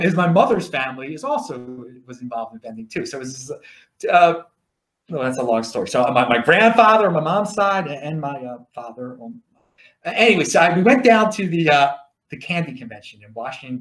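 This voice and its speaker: Rambling Baltimore man in echoey room. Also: on the high side. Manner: chatty, repeats and restarts words. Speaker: livestream host. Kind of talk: rambling casual monologue.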